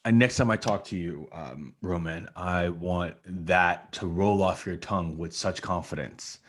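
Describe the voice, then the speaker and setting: A man hosting a podcast as an acting coach, talking in an animated, coaching way and laughing often. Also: low-pitched, measured pace. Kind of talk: casual interview.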